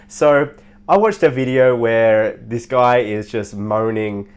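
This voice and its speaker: A man who coaches people on their social life, telling stories in a casual, animated way, laughing and swearing as he goes. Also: mid-range voice, takes it slowly, smooth. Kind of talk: casual storytelling monologue.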